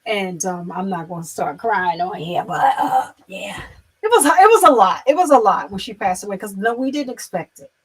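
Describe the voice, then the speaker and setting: A woman chatting casually on a livestream, rambling with many fillers and restarts, turning soft and emotional as she speaks of loss. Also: mid-range voice, expressive, normal speed, husky, rough recording. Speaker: livestream host.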